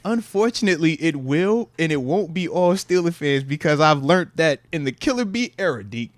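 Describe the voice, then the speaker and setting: A man co-hosting a casual sports podcast, animated and slangy, repeating his phrases for emphasis. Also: fairly high pitch, normal speed, no room sound. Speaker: podcast co-host, former player.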